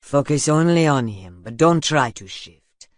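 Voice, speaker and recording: Play as a man reading a patient mentor, a touch lower, slow and gentle, dry audiobook booth. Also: lively intonation, dry recording. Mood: coaxing. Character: calm patient male dragon shifter mentor.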